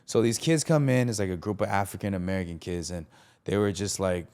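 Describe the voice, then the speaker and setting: Slangy storytelling man, lowish voice. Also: a little fast, clean tone. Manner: animated, acts out the quoted lines of others; casual, slangy, many fillers. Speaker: podcast host. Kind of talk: personal storytelling on a podcast.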